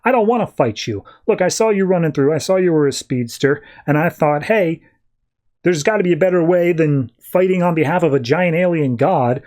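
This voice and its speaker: A man's voice: on the high side, a little fast, darkish tone, natural voice. A man doing a chirpy cartoon turtle speedster. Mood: friendly. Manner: easygoing, upbeat. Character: friendly male turtle speedster.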